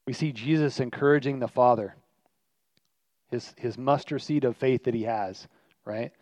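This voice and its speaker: A man's voice: medium pitch, normal speed, a little mellow, no room sound. A man preaching a sermon as pastor, earnest and emphatic, repeating his key lines for weight. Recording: dry, slightly muffled recording.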